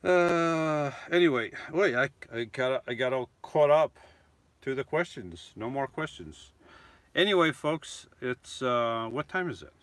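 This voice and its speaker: A man's voice: medium pitch, animated, measured pace, fairly bright tone, no echo. A middle-aged man chatting casually on a live stream, rambling and restarting his sentences as he answers viewers. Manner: chatty, rambling, frequent restarts and self-corrections. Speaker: vlogger answering live chat.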